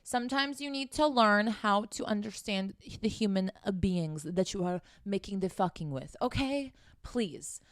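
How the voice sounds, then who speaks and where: A woman's voice: mid-range voice, animated, unhurried, few pauses, no echo, studio quality. Frank, profane woman giving dating advice. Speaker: dating and sex coach. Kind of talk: casual advice vlog.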